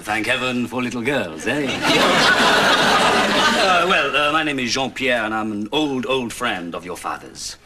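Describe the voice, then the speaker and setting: An actor playing a charming, courteous French family friend with a French accent in a sitcom. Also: male voice, mid-range voice, expressive, unhurried, noisy background, lightly acted. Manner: suave, courteous. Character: charming handsome French man, middle-aged. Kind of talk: sitcom acting.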